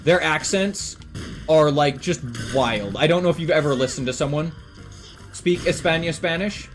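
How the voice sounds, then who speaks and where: Talking over music at a normal pace, a young Canadian man with a voice on the high side chats casually on stream. His delivery is rambling, profane, and full of fillers.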